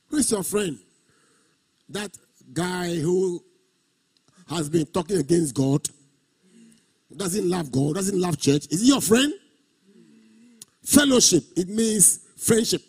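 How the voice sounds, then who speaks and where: A man's voice: high-pitched, slightly rough. A male pastor delivering a sermon, stretching and half-singing key words and repeating phrases for emphasis. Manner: preaching with sung, drawn-out emphasis and repetition.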